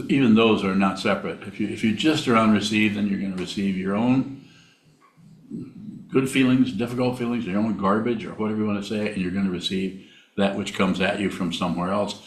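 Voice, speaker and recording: Deep voiced guy giving a buddhist dharma talk, halting and repetitive, echoey hall. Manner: halting, repeats words, plainspoken. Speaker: Buddhist meditation teacher. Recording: roomy hall sound.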